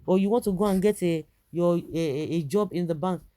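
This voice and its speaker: Nigerian woman, indignant commentator, mellow voice, rhetorical and repetitive. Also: lowish voice, brisk. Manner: indignant, rhetorical questions, frequent restarts. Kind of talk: opinionated political commentary.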